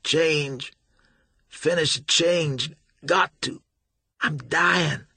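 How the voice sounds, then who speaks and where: A man's voice: a little high, drawn-out words, gravelly, bright, forceful tone, husky, dry recording, voice pushed up, exaggerated voice. A man voicing a badly hurt young man begging for help in a strained, gasping whisper, in an audiobook. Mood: pained begging. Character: dying broken young man begging, pained.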